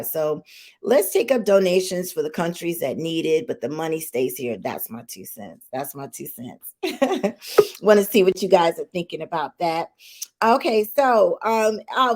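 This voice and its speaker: This podcast host's voice is on the low side, a little mellow, with vocal fry. Talking directly to viewers during a live online stream, the woman offers casual, outspoken opinions and repeats her points for emphasis.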